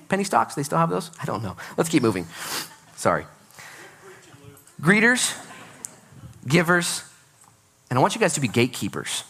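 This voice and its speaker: A man's voice: fairly high pitch, normal speed, pauses often, breathy edge. A man in his thirties preaching a sermon in a church, telling stories with jokes at his own expense. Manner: animated storytelling with self-deprecating jokes. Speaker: pastor. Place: church sanctuary.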